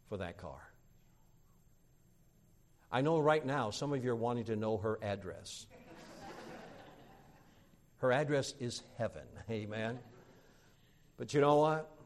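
A middle-aged man, a pastor, telling a story in a sermon and acting out the people he quotes with lively voice changes. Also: mid-range voice, unhurried, long pauses.

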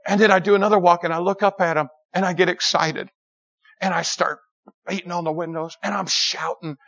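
A man preaching to young people, telling a story in an animated way and acting out the quoted lines with sudden high shouts. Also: a little fast. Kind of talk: sermon. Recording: dull lo-fi recording.

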